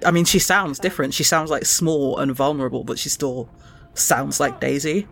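A soft-spoken, self-deprecating man chatting casually about the show he works on. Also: mid-range voice, steady tone, normal speed, vocal fry, slight background noise. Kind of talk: casual reminiscing chat.

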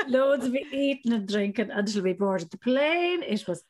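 An Irish woman in her thirties chats with friends on a podcast and tells a story. Her voice sits a little high and swings widely, and she laughs and acts out the voices as she goes. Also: very animated, measured pace. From Ireland. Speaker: podcast co-host. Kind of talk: casual storytelling chat.

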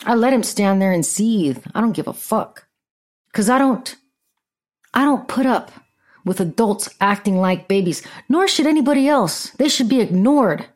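A woman's voice: medium pitch, animated, normal speed. A middle-aged woman hosting a podcast, telling a story in a blunt, sarcastic, profane rant. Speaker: podcast host.

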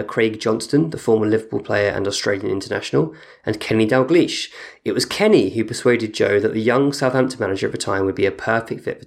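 A man with a somewhat low voice hosts a casual football podcast. He reads listener messages aloud and drops in dry little comments between them. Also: creaky, darkish tone. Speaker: podcast host reading listener emails.

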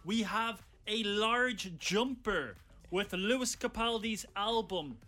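A bright-voiced man hosting a radio show, with a fairly high voice. He talks casually and plays up his announcements. Faint music sits behind him. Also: slow. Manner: playful, showman-like announcing. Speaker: radio host.

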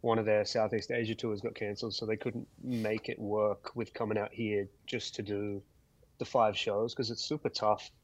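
A man who is a guest musician telling stories in a casual podcast chat, laid-back and quick to laugh. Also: on the low side, flat delivery, no room sound.

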